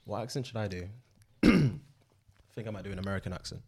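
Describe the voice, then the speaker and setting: A young man from the UK co-hosting a crude casual podcast chat, talking low-key and mumbled with quick bursts. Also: fairly even intonation, a little mellow. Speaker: podcast co-host.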